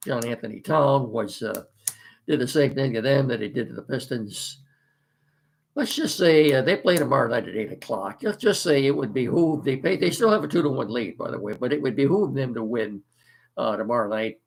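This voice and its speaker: A man's voice: medium pitch, animated, a little fast, vocal fry. A middle-aged man hosting a casual sports talk show, folksy and rambling with many fillers, his voice congested from allergies and a cough.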